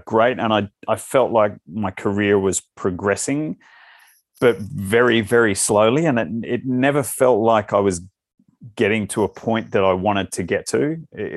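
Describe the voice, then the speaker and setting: A man with a fairly low voice and an Australian accent chats easily in an interview. His answers ramble and loop back on themselves. The sound is close and dry, with no room around it. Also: dry recording. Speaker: actor guest. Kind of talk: casual interview chat.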